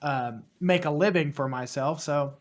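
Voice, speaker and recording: Speaking at a measured pace in a voice on the high side, a man in his thirties from West Virginia talks casually as a podcast guest. His West Virginian accent comes through as he rambles, downplays himself, and keeps starting over.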